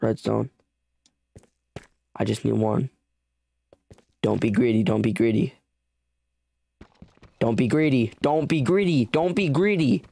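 A man's voice: medium pitch, takes it slowly, gravelly, pauses often, mellow, slightly rough, no echo. A young man giving let's play commentary, frantic and pleading as he bargains with the creatures in his game. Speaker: gamer.

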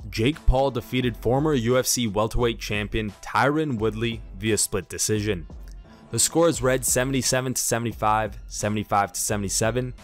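A man narrating sports news in a steady, scripted read-aloud delivery. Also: lowish voice.

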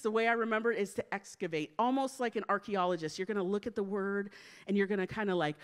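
A woman preaching a sermon to a congregation in an animated, playful way, joking with the crowd and dropping to a soft, hushed voice in prayer. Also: mid-range voice. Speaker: church speaker.

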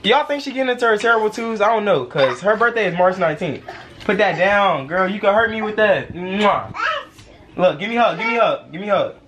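A man's voice: high-pitched, lively intonation, fairly quick, fairly bright tone, slight background noise. A young man casually vlogging at home, playfully teasing and talking to his toddler in slangy speech. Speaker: vlogger dad. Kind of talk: casual family vlog. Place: home bedroom.

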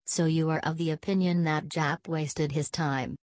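An upbeat, confident gentleman companion, voiced by a woman reading an audiobook, eager in every phrase. Low voice, and a close, dry sound. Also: steady tone, moderate pace, no echo, natural voice. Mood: cheerful.

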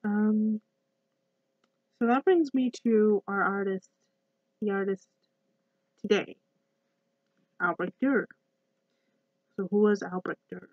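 A young woman giving a college class presentation and reading a poem. Her voice is croaky from a cough, and she talks hesitantly with many ums and restarts. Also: medium pitch, steady tone, slow, pauses often, no echo. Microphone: laptop built-in mic. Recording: dull lo-fi laptop audio.

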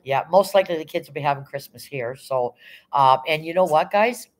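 A woman's voice: sits low, brisk. A middle-aged woman from Canada hosting a casual live stream, chatting and greeting viewers by name in a rambling, friendly way. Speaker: livestream host.

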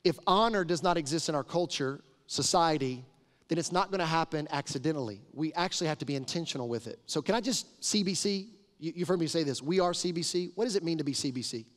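A middle-aged male pastor with a slightly raised speaking pitch preaches a conversational, emphatic sermon, often slipping into short stories. His voice carries a long reverb tail from a large church sanctuary, picked up on a live preaching mic. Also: fast.

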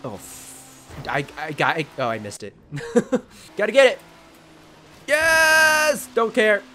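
Excitable young man narrating a racing game. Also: high voice, slow. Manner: excitable, jokey, shouts at the game. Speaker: gaming channel host. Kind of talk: let's-play commentary. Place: his room at home.

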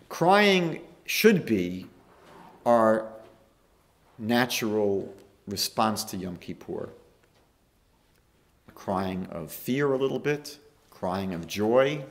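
Man giving an emphatic rabbinic lecture. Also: mid-range voice. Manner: storytelling, rising to emphatic peaks. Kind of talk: lecture sermon.

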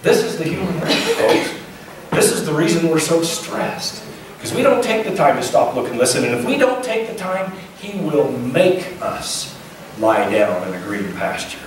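A man's voice: a little high, sing-song, moderate pace, background noise. A male pastor preaching a sermon in a folksy, conversational way, asking his listeners questions. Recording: echoey church sound from a distant mic.

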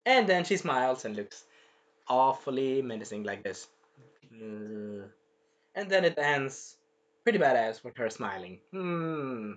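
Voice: mid-range voice, big pitch swings, a little slow. A reviewer giving a casual spoken episode review, rambling and swearing, with many fillers and restarts. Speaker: show reviewer.

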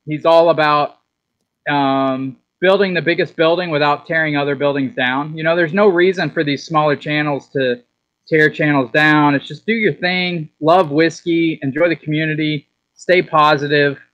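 An earnest man speaking over a video call, his voice a touch high and the sound dry, with no room around it. He often restarts his sentences as he works through a thought. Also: fairly even intonation, normal speed, fairly bright tone, no echo, highs cut off. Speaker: fellow whiskey YouTuber guest. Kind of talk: casual livestream chat.

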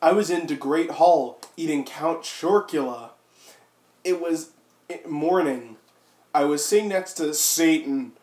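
Slightly high and a touch mellow, his voice keeps a measured pace. He is doing a mock dramatic reading with friends in an echoey room, bouncing between silly characters and asides, throat raw from coughing.

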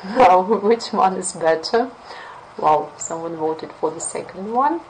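A woman English teacher with a Russian accent running a webinar lesson, lively and playful as she acts out example phrases. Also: fairly low pitch, slow pace, slight background noise, low-quality recording.

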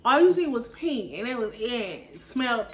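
Joking, higher-voiced woman podcaster. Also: a little slow, a little hiss or hum. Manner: joking, animated storyteller. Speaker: podcast co-host. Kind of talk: casual chat.

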